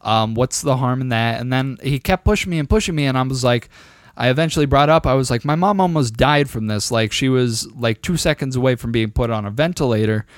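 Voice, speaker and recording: Smooth-voiced young man telling a rambling story. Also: mid-range voice, quick pace, dry recording, studio quality. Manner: rambling, profane, animated storyteller. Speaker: podcast co-host. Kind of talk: casual chat, storytelling.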